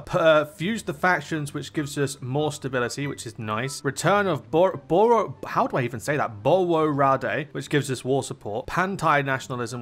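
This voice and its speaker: A young man giving casual strategy game commentary, chatty and thinking aloud as he plays, often easily excited. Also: medium pitch. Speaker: gaming YouTuber.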